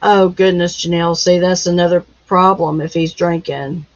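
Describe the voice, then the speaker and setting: A woman minister hosting a casual live chat. She answers viewer comments in a gentle, consoling way, with many pauses and fillers. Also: on the low side, steady tone. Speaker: minister and live-stream host. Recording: dull lo-fi sound.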